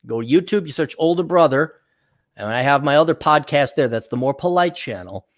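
A man's voice: fairly high pitch, expressive, fairly quick. Profane, sarcastic man hosting a podcast. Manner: mock voices for people he ridicules. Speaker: podcast host. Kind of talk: solo podcast rant.

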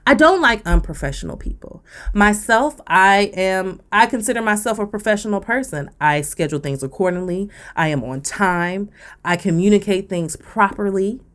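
A woman's voice: mid-range voice, animated, moderate pace, a bit bright. A woman, co-hosting a podcast and ranting bluntly with profanity. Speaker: podcast co-host. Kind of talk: casual rant on a podcast.

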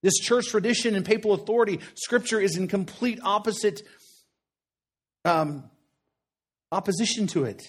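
A man's voice: high voice, moderate pace, long pauses, slightly rough. A man preaching a sermon in a conversational, earnest way, often checking in with "right?" and repeating short phrases for emphasis.

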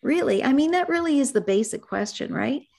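A middle-aged woman therapist being interviewed, speaking gently and reflectively about her work. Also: high-pitched, lively intonation, fairly quick, gravelly. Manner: gentle, reflective, speaks in soft asides and acted client dialogue. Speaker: therapist and author, guest. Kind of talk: conversational interview.

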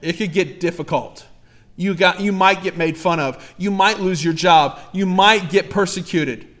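A man's voice: high-pitched, measured pace, a bit bright. A male pastor delivering a sermon with impassioned, emphatic preaching and repeated exhortations.

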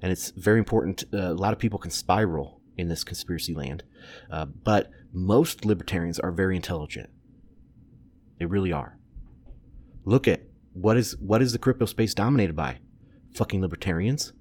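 A man's voice: sits low, moderate pace, darkish tone, slightly rough. A man in his thirties hosting a solo commentary podcast, blunt and opinionated, swearing and rambling through restarts. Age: 30s. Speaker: podcast host.

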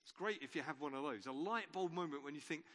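A man's voice: on the high side, fast, a bit bright. A man preacher giving an Easter sermon in an informal storytelling way, with wry asides. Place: church. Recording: long reverb of a church.

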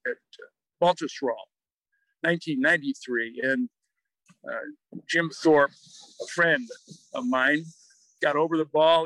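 An older man from the American Midwest, a guest author telling lively anecdotes in an interview and acting out the quotes. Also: a little high, no room sound, low-quality recording. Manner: lively anecdotal storyteller who acts out quotes. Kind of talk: storytelling in an interview.

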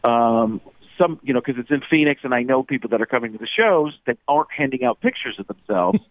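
A man tells stories on a call, lively and quick to slip into other voices. His line sounds thin and phone-like, with no room around it. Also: mid-range voice, no room sound. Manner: animated, jumps into voices and impressions. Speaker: guest impressionist. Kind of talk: casual phone-in chat.

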